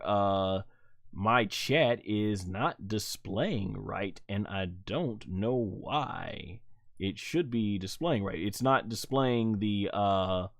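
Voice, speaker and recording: Low-voiced man rambling on a live stream. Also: dry recording, studio quality. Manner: rambling and flustered, many fillers and restarts. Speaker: live stream host reviewing wrestling. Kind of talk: casual live stream chat.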